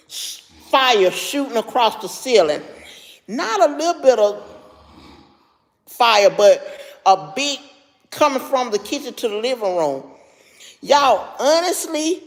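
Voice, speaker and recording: A woman's voice: a little high, big-room sound. A middle-aged woman with heavy, labored breathing tells a story to her live chat, stopping now and then to answer viewers by name. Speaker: livestream host.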